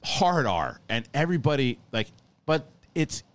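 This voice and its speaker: A man hosting a casual film review, talking excitedly with profanity and many restarts. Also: mid-range voice, a little slow.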